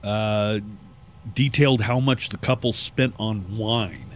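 A man's voice: lowish voice, slight background noise. A middle-aged man hosting a morning radio show, trading casual jokes and reading news and listings. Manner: wisecracking, conversational, reads listings briskly.

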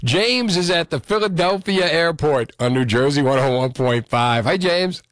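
A man's voice: fairly high pitch, normal speed, dry recording, studio quality. A man hosting a call-in radio show, chatting and joking with listeners. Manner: lively, animated, joking with callers. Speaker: radio host.

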